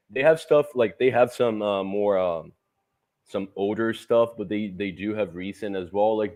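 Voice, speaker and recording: A man co-hosting a casual football podcast, relaxed and friendly, a little hesitant, with a first language other than English. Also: lowish voice. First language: not English. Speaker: podcast co-host.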